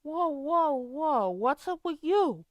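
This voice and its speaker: Super high excitable character, slow drawn out lines, dry and a bit muffled. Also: female voice, no room sound, full character voice. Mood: puzzled. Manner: shrill and swooping, bursting with enthusiasm. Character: eager, excitable sketch character Dex. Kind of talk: comedy sketch voice acting. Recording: slightly muffled dull audio.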